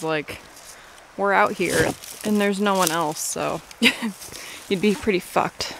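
A woman's voice: lowish voice, takes it slowly, creaky, pauses often. A young woman from Missouri narrating a casual hiking vlog, chatty and giggly with casual swearing, hiccupping as she talks. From Missouri, USA. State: has the hiccups. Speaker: vlogger. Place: outdoors on a creek trail in the woods. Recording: outdoor camera audio with stream noise. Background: flowing creek water.

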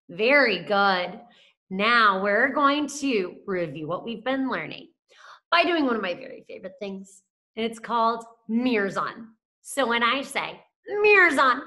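A woman's voice: a little high, sharp tone. A woman who teaches second grade, giving a televised lesson with cheerful call-and-response chanting. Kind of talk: televised classroom lesson for children.

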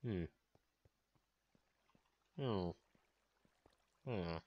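A man's voice: deep voice, very slow, husky, dry recording, muffled recording. A man hosting a gaming channel, narrating his own moves in a playful let's play commentary with sound effects.

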